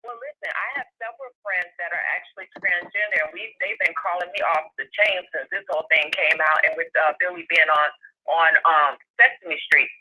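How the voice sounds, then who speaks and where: A woman in her forties, a guest calling in to a casual chat, speaking in a calm, measured way. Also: fairly low pitch. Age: 40s. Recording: dull phone line with faint hiss.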